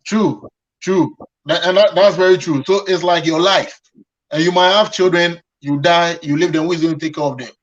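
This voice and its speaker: A man's voice: on the high side, steady tone, normal speed. Male panelist, agreeable and advising, muffled lo-fi sound. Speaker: boxing panelist. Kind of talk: panel discussion on boxing.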